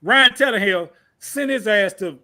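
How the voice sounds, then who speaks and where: A man's voice: sits high, unhurried, bright, forceful tone. A man from Tennessee, co-hosting a sports podcast, ranting and cursing in heated casual talk. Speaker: podcast co-host.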